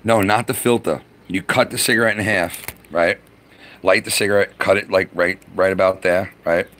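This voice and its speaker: A man's voice: low voice, steady tone, normal speed, fairly bright tone, a little hiss or hum. A middle-aged man chatting on a live stream, swearing freely and rambling through stories from his youth. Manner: profane, rambling storyteller. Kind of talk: casual live-stream chat.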